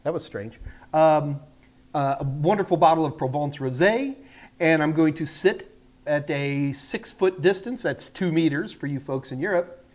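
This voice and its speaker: An older American man hosts a live tech Q&A, rambling in a chatty, self-deprecating manner. His voice is on the high side and a little mellow, at a moderate pace, in a casual livestream chat.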